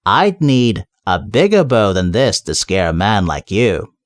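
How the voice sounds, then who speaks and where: A man's voice: on the low side, sing-song, unhurried, dry recording, studio quality, pitched below the performer's own voice. A man voicing a brash, scrawny male city watch corporal who swaggers and snaps orders. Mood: swaggering. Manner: swaggering, snappy.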